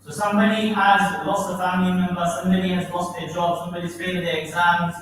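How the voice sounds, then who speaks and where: A man's voice: high-pitched, little pitch movement, fast talker. Man, preacher, quizzes listeners, recites Arabic, very reverberant room, faint hiss. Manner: asks the audience questions, quotes Arabic verses. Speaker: imam giving a talk. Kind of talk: interactive Islamic lecture. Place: mosque hall. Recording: very echoey hall from far off.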